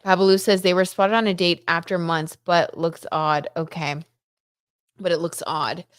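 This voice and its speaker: Speaking at a moderate pace in a fairly low, fairly even voice, this tarot reader runs a gossip livestream where she reads out viewer comments and chats loosely, full of "um" and "like." Her tone is clear and resonant, captured at studio quality with no room sound.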